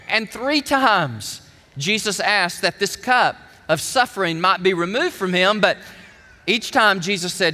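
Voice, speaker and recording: Bright-voiced man preaching in a hall. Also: sits high, measured pace. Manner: animated, emphatic storytelling. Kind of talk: sermon with object lesson.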